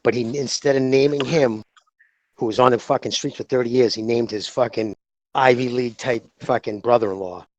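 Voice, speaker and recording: A man's voice: mid-range voice, steady tone, a little fast, no room sound, dull audio. A man co-hosting a podcast in casual chat, talking in a heated, profane, rambling way. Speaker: podcast co-host.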